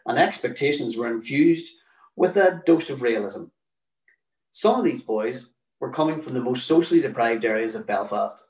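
A man tells a personal story in a dry, wry manner. His voice sits at a middle pitch and sounds a little distant from the microphone. There is a roomy echo around him. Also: darkish tone. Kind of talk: told personal story, read aloud.

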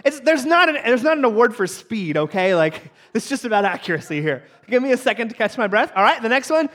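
A man opening a sermon in a playful way, joking with and teasing his audience and rising sharply in pitch when surprised. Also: sing-song, fairly quick, fairly bright tone.

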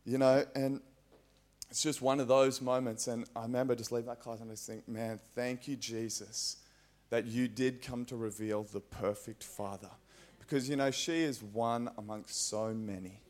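Australian male preacher, mid pitch, earnest and chatty delivery, church setting. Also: fairly even intonation, normal speed, a little mellow. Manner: conversational, earnest, frequent fillers. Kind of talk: sermon.

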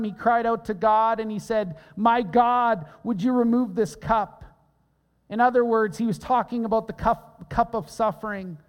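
A pastor preaching a sermon in an earnest, emphatic way, repeating key phrases for weight. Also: male voice, very high-pitched. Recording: long reverb of a large hall.

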